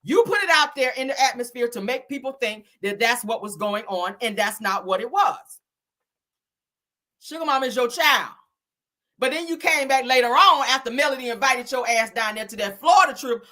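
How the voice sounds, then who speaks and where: A woman's voice: fairly high pitch, animated, moderate pace, bright, forceful tone. A woman hosting reality TV commentary, blunt and scolding, with frequent swearing. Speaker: commentary host.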